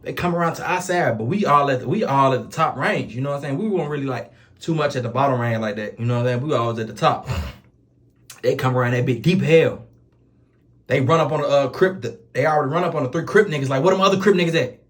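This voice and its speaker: A man with a Chicago accent telling a story in casual street slang, swearing oaths as he goes. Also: mid-range voice. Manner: rapid, animated street slang with repeated oaths. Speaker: storyteller vlogger.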